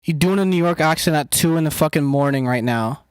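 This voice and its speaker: A man's voice: fairly high pitch, fairly quick, smooth, no echo, clean studio sound. A man streaming casually and rambling to his chat, loose and profane, with lots of filler words. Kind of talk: casual chat, answering live chat.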